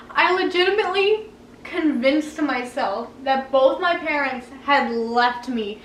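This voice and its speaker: A young woman, recounting a childhood story with lively drama and frequent laughter. Her voice sits very high. She is recorded at home in a roomy space, a little away from the mic. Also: takes it slowly, pauses often, far from the mic, slight background noise. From Canada. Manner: animated, dramatic, laughing often. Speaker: vlogger. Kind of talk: story-time vlog. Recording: roomy room, a bit off mic.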